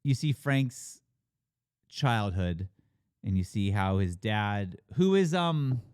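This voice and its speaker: A man talks through a movie plot in loose, casual chat, swinging his voice high whenever he mimics a character. He swears often and leans on fillers like "like" and "you know." The sound is close and dry with no room echo. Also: takes it slowly, clean tone. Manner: animated retelling, acting out characters' lines with big pitch jumps. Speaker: podcast co-host reviewing a film.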